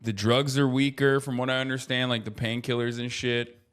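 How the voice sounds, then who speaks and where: A man streaming casual commentary, talking in an animated, profane way that keeps breaking into loud mocking rants. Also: medium pitch, normal speed, smooth. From United States. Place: traveling in Japan.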